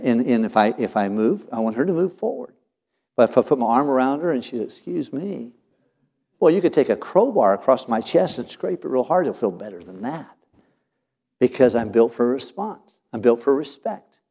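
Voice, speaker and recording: A middle-aged man who works as a pastor, talking about his counseling work in a relaxed, folksy way. His voice is mellow and warm, at an ordinary pitch. He drifts into homespun sayings and often restarts his sentences. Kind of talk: casual talk about counseling.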